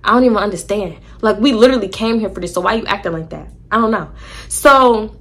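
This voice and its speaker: A woman telling a story in a casual vlog, animated, slangy and profane. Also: medium pitch, fast.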